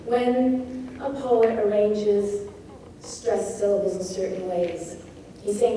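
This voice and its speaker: A woman poet giving a craft talk on rhythm, thoughtful and demonstrative, reading verse slowly and expressively. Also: medium pitch, mellow. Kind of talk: lecture on poetic rhythm. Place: lecture hall at a poetry festival. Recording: echoey hall taped from far off with faint hiss.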